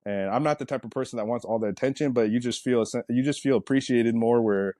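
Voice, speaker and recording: A man, a pro sprinter, chatting in an interview, telling stories in a relaxed, rambling way with lots of fillers. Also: medium pitch, fast talker, dry recording, studio quality. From United States. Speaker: Olympic sprinter guest. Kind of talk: casual interview talk.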